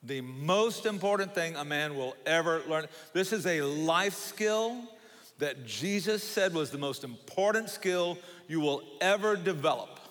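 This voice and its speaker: An older man with a thick Southern Georgia accent preaches in a church, spinning folksy, joking stories. His voice sits a little high for a man and rings with the long reverb of a large sanctuary. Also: animated, a little slow, fairly bright tone. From Savannah, Georgia. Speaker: guest pastor. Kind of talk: sermon.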